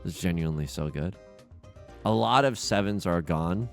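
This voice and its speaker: Animated young man commentating a game. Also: deep voice, normal speed, vocal fry, faint music behind. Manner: dramatic, self-mocking, swings from hushed to yelling. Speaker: let's play host. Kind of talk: casual gameplay commentary.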